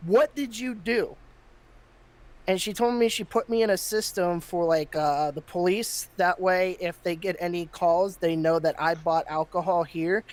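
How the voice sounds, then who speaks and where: A man's voice: high voice, fairly even intonation, normal speed, few pauses. A man hosting a podcast, telling a story in casual chat and getting heated, with plenty of swearing. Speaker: podcast host.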